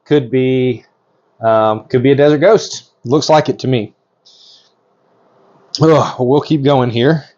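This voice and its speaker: A man casually narrating while he works with his animals, excitable and chatty, with lots of fillers and restarts. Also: mid-range voice, slow, long pauses, muffled recording. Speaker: reptile breeder.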